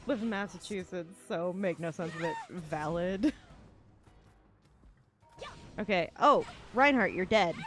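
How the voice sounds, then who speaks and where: Young female streamer, mid-pitched, rambling chatter between gameplay moments. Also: animated, moderate pace, a bit bright, soft background music. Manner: rambling, lots of "like" fillers, laughs often. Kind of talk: casual chat while gaming.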